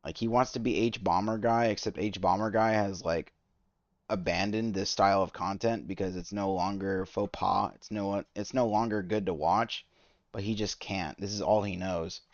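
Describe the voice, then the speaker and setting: A man's voice: on the low side, fairly even intonation, moderate pace, no echo. A man streaming while playing a game, ranting in an exasperated, rambling way, with lots of restarts, as casual live reaction commentary, on a slightly dull lo-fi mic.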